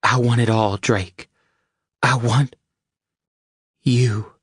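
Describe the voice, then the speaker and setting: Man doing audiobook heroine, young woman, eager, yearning, higher-pitched, breathless, husky. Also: steady tone, extremely slow, dry recording, clean studio sound.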